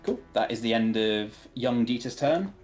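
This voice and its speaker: A man narrating a tabletop game as game master, relaxed and hesitant, with many filler words. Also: medium pitch, moderate pace, faint music behind. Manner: relaxed, hesitant with frequent ums.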